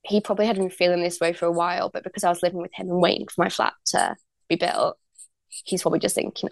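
On a clean studio track with no room sound, a young woman speaks quickly in a fairly low voice with vocal fry. As a podcast guest, she chats her way through a candid personal story, packing in likes and ums and performing what people said.

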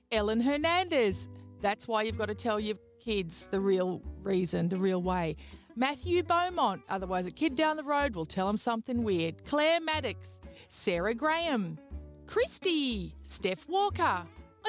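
A woman's voice: on the high side, big pitch swings, unhurried, soft background music. A woman with an Australian accent hosting a podcast, chatting playfully and wandering into tangents while she thanks listeners. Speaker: podcast host. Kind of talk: casual chat, thanking patrons.

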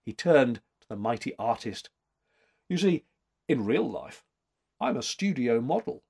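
A man's voice: medium pitch, big pitch swings, a little slow, gravelly, a little mellow, husky, exaggerated voice. A man doing an offhand, charming young man.

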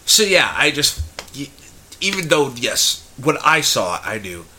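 A young man with a bright, forceful tone and a lowish pitch that jumps around. He teases and cuts in during casual podcast chat. A faint hiss runs under it. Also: sing-song. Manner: teasing, quick to laugh, interjecting. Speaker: podcast co-host. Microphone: podcast mic.

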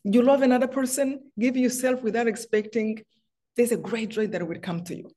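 A middle-aged Rwandan woman, appearing as a guest author on a faith interview, shares personal stories with feeling and keeps restarting her sentences. Her voice sits a little high and sounds warm, and she speaks at a moderate pace.

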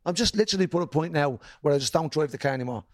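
Casting: Dublin comedian, man, slightly high voice, swears freely, dry close sound, animated storyteller. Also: racing, no echo. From Ireland. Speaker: comedian guest. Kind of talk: casual storytelling chat.

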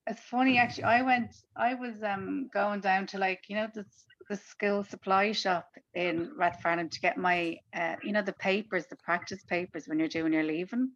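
A woman's voice: mid-range voice, moderate pace, few pauses, no room sound, muffled recording. A woman with an Irish accent, a comedian chatting casually in an interview and acting out the people in her stories. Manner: lively storytelling, acts out the people she quotes. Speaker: comedian guest.

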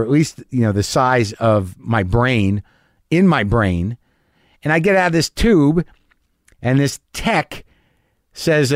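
A man's voice: medium pitch, no room sound, studio quality. A middle-aged man telling a personal story in a rambling monologue, anxious and self-mocking, swearing when he gets worked up.

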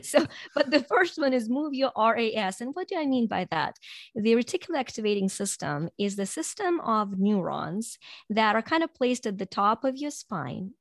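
A woman's voice: a little high, very animated, no echo. Earnest woman with a dry, close sound. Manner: earnest, drops soft and slow when guiding breathing; laughs lightly between points. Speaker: guest. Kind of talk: reflective motivational talk.

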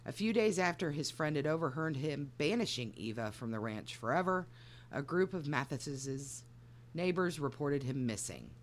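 A woman on a podcast who reads a story aloud and breaks off for dry, teasing asides. Her pitch rises and falls widely as she goes, and a faint hum sits under the recording. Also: lively intonation, moderate pace. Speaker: podcast co-host and story reader. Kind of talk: casual comedic chat and narrating a story.

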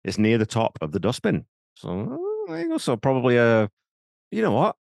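A man's voice: medium pitch, wildly swooping pitch, a little fast, creaky, darkish tone, no echo. A man co-hosting a podcast, blunt and sweary with a dry sense of humour. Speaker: podcast co-host. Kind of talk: casual chat.

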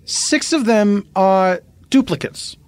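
A man playing a calm, reasonable city publisher who gently pushes back. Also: high voice, takes it slowly, clear, resonant tone, dry recording. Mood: reasoning. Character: patient male city-slicker publisher, mild and reasonable. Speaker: publisher guest. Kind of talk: improvised comedy podcast.

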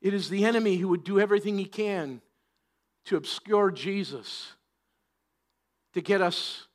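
A man preaching a sermon in church, joking and chatty at times and then rising to loud, emphatic preaching. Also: high voice, moderate pace. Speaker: pastor.

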